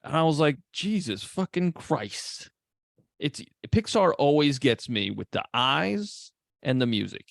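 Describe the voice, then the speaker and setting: A man co-hosting a casual movie podcast, animated and profane, acting out characters' lines as he talks. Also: medium pitch, moderate pace, gravelly, no echo, studio quality. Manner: animated, swears a lot, acts out characters' lines. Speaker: podcast co-host.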